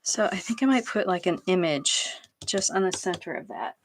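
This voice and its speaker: A woman's voice: lowish voice, animated, normal speed, background noise. A middle-aged woman hosting a craft video, chatting casually and laughing at herself while she works at home. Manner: chatty and self-deprecating, laughs often. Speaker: craft channel host.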